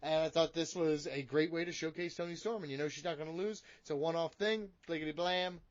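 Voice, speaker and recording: A man's voice: on the high side, fairly even intonation, fast, dry recording, lo-fi sound. A man co-hosting a wrestling review podcast, bantering in a brash, joking way with lots of swearing. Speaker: podcast co-host. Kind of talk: casual wrestling review chat.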